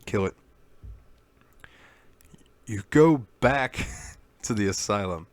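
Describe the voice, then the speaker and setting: Brief: male podcast co-host, somewhat low voice, loose rambling storyteller who cusses. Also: expressive, takes it slowly, no echo. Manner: rambling storyteller, swears freely. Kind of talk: casual chat.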